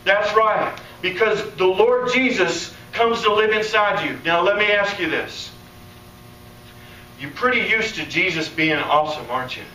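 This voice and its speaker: A man preaching a conference sermon, animated and playful, acting out the voices he quotes. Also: high-pitched, a little slow. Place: conference hall. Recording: echoey hall, distant mic, faint room noise.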